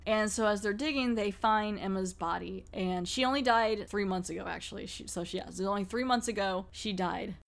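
Woman host, casual rambling recap, mid-pitched voice, laughs easily. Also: a little fast, gravelly, hardly any pauses. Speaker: podcast host.

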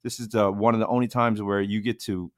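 A man's voice: fairly low pitch, fairly even intonation, brisk, no room sound, clean studio sound. A man co-hosting a casual sports talk show, chatty and repeating little fillers as he talks. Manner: chatty, repeats "listen" and "you know". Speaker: co-host.

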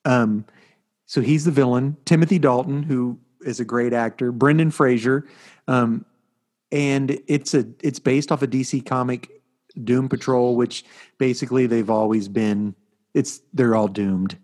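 A middle-aged man co-hosting a casual chat podcast, telling stories in an animated, rambling way. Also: medium pitch, measured pace. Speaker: podcast co-host.

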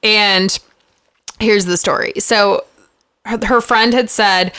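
A woman's voice: medium pitch, steady tone, slow, long pauses, pushed and bright, clean tone, dry recording, studio quality. A young adult woman co-hosting a casual podcast, chatty and laughing often as she reads out a listener's story. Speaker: podcast co-host. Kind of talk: casual chat.

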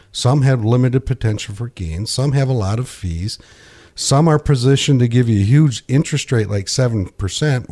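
A middle-aged financial coach on a radio talk show, explaining things conversationally with frequent restarts. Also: male voice, medium pitch, dark tone.

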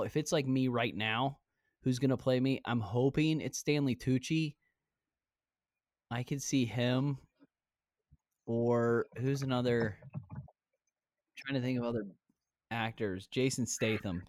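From home on a headset, a man in his twenties hosts a virtually recorded podcast, casual, brash, teasing and freely profane. He talks at a medium pitch and measured pace, pausing often, with studio-quality audio and no room sound.

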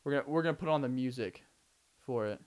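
A man's voice: mid-range voice, quick pace, clean tone. A young man hosting a casual solo podcast, rambling animatedly and acting out scenes with frequent laughs. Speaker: podcast host.

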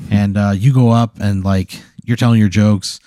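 A man's voice: lowish voice, fairly even intonation, normal speed, mellow, dry recording, studio quality. A man hosting a podcast, improvising a rambling, profane comedy story full of fillers. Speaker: podcast host.

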